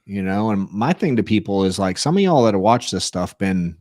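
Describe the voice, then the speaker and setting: Man host, easygoing slangy talk, lively pitch. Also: fairly quick, no room sound, clean studio sound. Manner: relaxed, slangy, says "dude". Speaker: podcast host, sales coach. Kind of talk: casual podcast chat.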